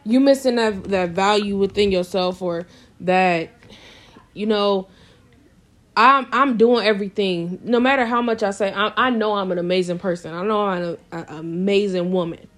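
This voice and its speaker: A woman's voice: mid-range voice, normal speed. A woman co-hosting a podcast, talking earnestly and with emphasis in casual chat. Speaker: podcast co-host.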